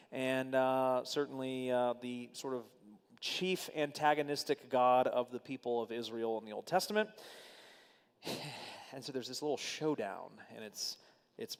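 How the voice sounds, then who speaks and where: A man teaching a Bible study in a church hall, reading scripture aloud with animated, casual asides to his group. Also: mid-range voice, clean tone. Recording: long hall reverb.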